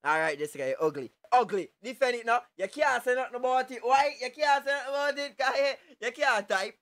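Young male streamer, bright high voice, loud playful patois banter with sudden shouts, dry sound. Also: brisk, no room sound. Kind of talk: live stream reaction commentary.

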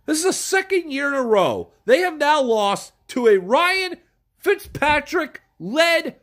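A sports fan vlogger, stuffed up from a cold, delivers a furious, profane rant about their team, yelling and swearing. The voice is high with big pitch swings and a measured pace.

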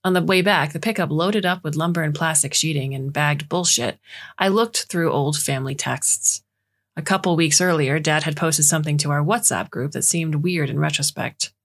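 A woman reading a short story aloud in a measured storytelling manner as scripted narration. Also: sits low. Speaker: audiobook reader.

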